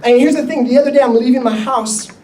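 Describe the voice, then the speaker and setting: A man, a pastor, telling a story in a conversational, animated sermon with laughs. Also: very high voice, fast. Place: church hall. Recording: roomy echo, mic at a distance.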